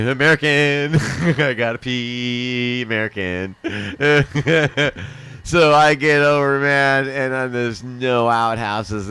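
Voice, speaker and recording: A middle-aged man hosts a livestream, his voice mid-range, fairly bright and clean. In casual chat he spins a rambling personal story, laughing and swearing often.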